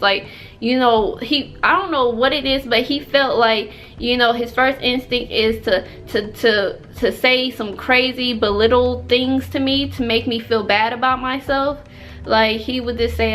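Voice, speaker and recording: A woman's voice: high-pitched, moderate pace, fairly bright tone. A young woman telling a storytime vlog in a chatty, emphatic way, packed with fillers. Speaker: vlogger.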